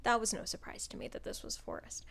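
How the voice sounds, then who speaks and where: A woman's voice: fast, fairly bright tone. A woman talking through a book review in a loose, chatty way. She rambles, leans on filler words, swears freely and laughs often as she goes. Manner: chatty and rambling, with frequent "like" and profanity. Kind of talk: casual spoken book review.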